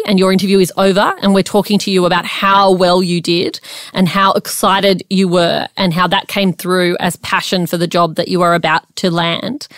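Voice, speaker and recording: A woman's voice: fairly low pitch, dry recording. Aussie woman giving a pep talk on a podcast, earnest and coachy, dry close sound. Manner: earnest, coaching, direct address to listeners. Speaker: podcast co-host.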